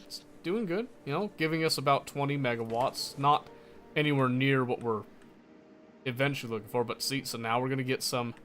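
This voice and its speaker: A man's voice: medium pitch, fairly bright tone, a little hiss or hum. A man casually commenting on his own gameplay, muttering to himself and correcting his mistakes as he goes. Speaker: gameplay streamer.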